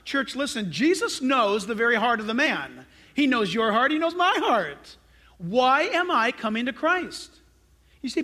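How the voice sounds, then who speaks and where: A man's voice: very high-pitched, sing-song, normal speed, sharp tone. A male pastor preaching a sermon, emphatic and direct, firing rhetorical questions at his congregation.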